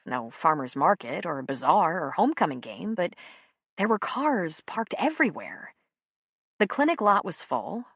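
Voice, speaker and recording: A woman narrating an audiobook with steady, even storytelling. Her voice sits low. The recording is close and dry, with no room sound. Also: dry recording.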